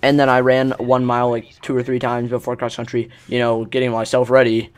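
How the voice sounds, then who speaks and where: A man's voice: medium pitch, completely flat delivery, fairly quick, smooth, dry recording. Teen guy gaming commentator, chatty storyteller, loose and rambling, acts out other people. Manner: rambling, filler-heavy, acts out quotes. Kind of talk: casual storytelling over gameplay.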